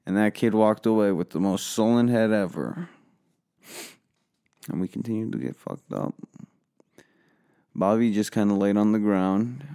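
Brief: male storyteller, low and resonant, rambling and profane comic delivery. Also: lively intonation, a little slow, vocal fry, pauses often, dark tone. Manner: rambling, profane, filler-heavy.

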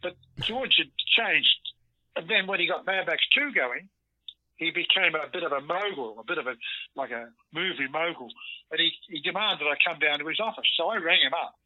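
An older man with an Australian accent phones in for an interview, telling animated stories. The line sounds dull and lo-fi, with no room sound at all. His voice sits a little high for a man. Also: moderate pace, no room sound. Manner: animated anecdotes, acts out quoted lines. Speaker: guest actor. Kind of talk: storytelling interview.

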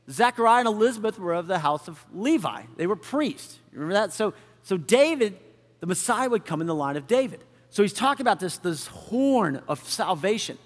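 A man's voice: sits high, long reverb tail. A male pastor preaching a conversational sermon, often acting out the people in the story. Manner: conversational, animated, acts out quoted figures.

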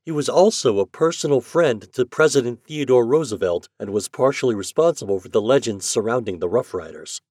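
Lively, animated male storyteller. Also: medium pitch, a little fast, few pauses, dry recording, clean studio sound. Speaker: podcast host and narrator. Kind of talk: scripted narration.

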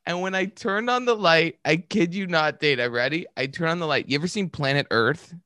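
A man's voice: on the high side, fairly quick, no echo, studio quality. A man, a comedian guest on a podcast, telling crude stories in casual chat and laughing through them. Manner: animated storyteller, laughs through his own tales.

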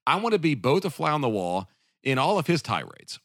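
A man hosting a relaxed podcast conversation, talking in loose, rambling bursts with plenty of restarts and easy laughter. His voice sits at an ordinary middle pitch, recorded close and dry with no room sound. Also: fairly quick, no echo. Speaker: podcast host. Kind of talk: casual chat.

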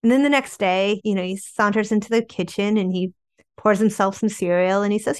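A woman's voice: medium pitch, a little fast, clean tone, no room sound. Chatty woman telling family stories, dry sound. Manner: chatty, animated, peppered with "like". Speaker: memoir author guest. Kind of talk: candid storytelling interview.

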